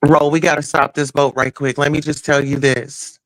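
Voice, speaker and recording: A man, ranting loudly and bluntly on a casual chat panel and swearing freely. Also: on the high side, level tone, no room sound, rough recording. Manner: loud, blunt and profane, ranting quickly with repeated words. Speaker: panel regular.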